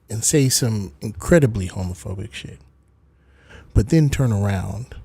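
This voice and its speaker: A man's voice: lowish voice, a little slow, husky, no echo. A man hosting a casual call-in livestream, joking and swearing freely. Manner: profane, joking, animated. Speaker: livestream host. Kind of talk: casual call-in stream chat.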